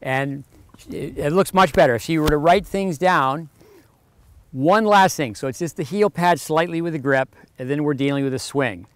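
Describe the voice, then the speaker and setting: A man's voice: fairly high pitch, moderate pace, clean tone. Man coaching a tennis serve on court. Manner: instructive, giving short commands and counting rhythms.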